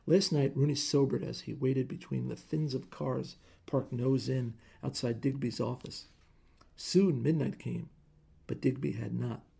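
A man reading a short story aloud in measured, plain narration. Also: medium pitch, fairly even intonation, vocal fry, dark tone, husky.

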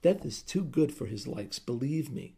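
A man's voice: mid-range voice, lively intonation, moderate pace, gravelly, slightly rough. A man voicing a hot-headed middle-aged husband who bellows threats in an audiobook story. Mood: stern warning. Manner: shouting threats. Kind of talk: audiobook character voice.

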